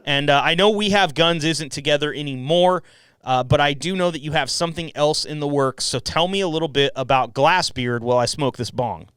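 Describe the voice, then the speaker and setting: A man's voice: a little high, fairly quick, fairly bright tone, smooth, no echo. A man hosting his own podcast, chatting casually, joking, swearing and laughing often. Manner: loose, profane and laughing. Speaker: podcast host. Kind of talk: casual chat. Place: home podcast room at night.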